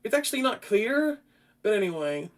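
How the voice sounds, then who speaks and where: A podcast host with a voice that sits high talks at normal speed, casually reviewing a film. He rambles and swears, restarting often, and grows loud and animated.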